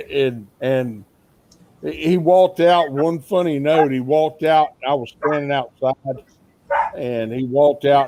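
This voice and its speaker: A man's voice: mid-range voice, a little mellow. Rambling storyteller, a man. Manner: rambling storyteller who laughs often. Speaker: co-host of a shooting livestream. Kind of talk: casual live-stream chat.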